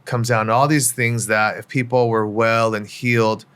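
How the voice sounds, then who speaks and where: A man's voice: fairly low pitch, flat delivery, moderate pace, fairly bright tone, clear, resonant tone. A middle-aged man speaking as a podcast guest, telling his life story in a candid, reflective way with many fillers. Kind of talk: personal story in casual interview.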